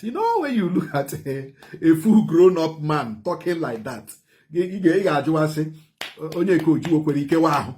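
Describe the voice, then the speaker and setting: Igbo-accented guy ranting fast, slightly high voice, repeats himself in bursts. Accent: Nigerian, Igbo. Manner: animated, rapid bursts with repeated phrases. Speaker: commentator. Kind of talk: impassioned commentary mixing English and Igbo.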